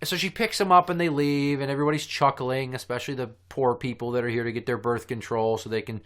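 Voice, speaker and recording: A man hosting a podcast spins a rambling anecdote, swearing freely and building the story with lively bursts. His voice sits at an ordinary pitch for a man and carries an easy, chatty rhythm. He talks like a friend recounting a bad day. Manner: profane, animated storyteller. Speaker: podcast host. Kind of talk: casual storytelling chat.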